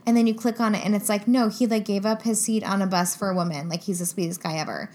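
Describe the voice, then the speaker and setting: Young woman podcast co-host, chatty and giggly, mid-pitched, casual banter. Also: fairly even intonation, fast talker, darkish tone. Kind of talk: casual chat.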